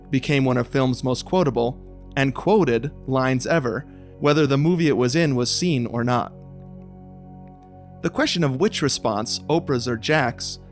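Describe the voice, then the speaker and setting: Man, podcast host, rambling storyteller, laughs often, mid pitch, faint music. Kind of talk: scripted intro narration, then casual chat.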